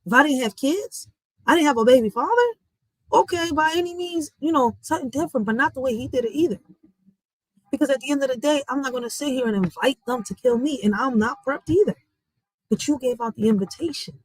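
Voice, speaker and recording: A woman's voice: a little high, breathy edge, no echo, poor audio. Blunt ranting woman. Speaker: vlogger. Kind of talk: heated social media commentary.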